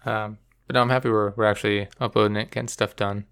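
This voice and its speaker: A man hosting a casual podcast chat, rambling and telling dark jokes with a straight face. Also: fairly low pitch, fast, clear, resonant tone. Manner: rambling, deadpan dark joking. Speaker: podcast host and editor.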